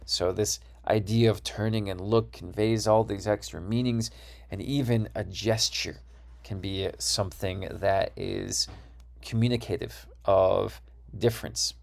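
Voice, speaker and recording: A man's voice: on the low side, steady tone, a little slow, vocal fry, a little mellow. A man with a Wisconsin accent giving a recorded course lecture, explaining ideas and checking in with "right?".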